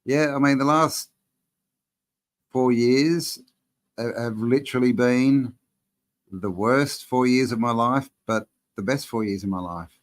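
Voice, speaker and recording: A man hosting a live-stream Q&A, talking in a relaxed, rambling way and reading out viewers' chat messages. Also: medium pitch, a little slow, pauses often. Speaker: channel host answering live chat.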